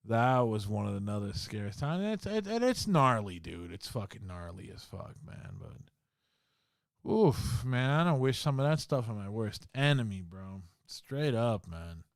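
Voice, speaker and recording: A man hosting a podcast, telling a ghost story in casual talk full of swearing and slang, dropping to a hush in the scary parts. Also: on the low side, very animated, a little slow, no room sound, studio quality. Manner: swearing, slangy, full of "bro" and "you know"; drops to a hushed voice in the scary parts. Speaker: podcast host.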